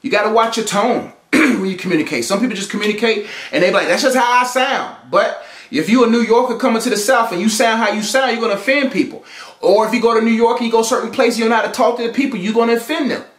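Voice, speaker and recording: Emphatic high-voiced man in echoey room. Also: fast, a bit bright. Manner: emphatic and repetitive, preacherly. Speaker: relationship speaker. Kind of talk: motivational teaching talk. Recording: roomy echo.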